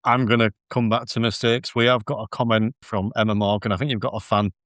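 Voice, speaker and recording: A man with a Yorkshire accent hosting a podcast, relaxed and self-deprecating, laughing often as he chats. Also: on the low side, brisk, dry recording, studio quality. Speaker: podcast host. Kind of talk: casual chat.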